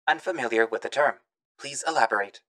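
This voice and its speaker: Give me a calm, formal robotic AI assistant, as a man narrating puts it on, speaking in flat, polite phrases for an audio drama. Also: mid-range voice, a little fast, natural voice.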